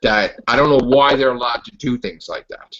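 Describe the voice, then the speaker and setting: This podcast host speaks at normal speed in a medium pitch with a slightly bright tone. His casual comic-book rant is animated, full of laughter and stumbling restarts, and the recording sounds lo-fi and muffled.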